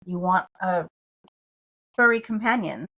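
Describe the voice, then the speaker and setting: A woman's voice: fairly low pitch, measured pace, muffled recording. A woman co-hosting a podcast in a casual, chatty way, often saying "like" and "you know". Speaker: podcast co-host. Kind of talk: casual chat.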